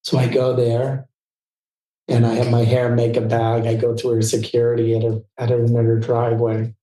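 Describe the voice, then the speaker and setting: A man guest in an interview, telling a personal story in fast, tumbling anecdotes full of restarts. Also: mid-range voice, completely flat delivery, dark tone. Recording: roomy echo.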